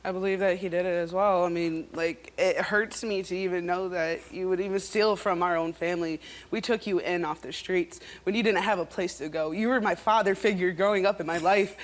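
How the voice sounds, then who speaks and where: A woman's voice: on the low side, steady tone, brisk, few pauses. A young woman on a talk show, pleading in a hurt voice with a man she once trusted. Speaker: guest's daughter. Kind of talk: emotional plea. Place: TV studio stage.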